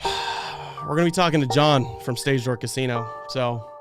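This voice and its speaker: A man hosting a fan livestream, ranting in frustration after a loss, swinging between loud outbursts and low muttering. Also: moderate pace, music in the background. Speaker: fan podcast host. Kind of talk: post-game fan rant on a livestream.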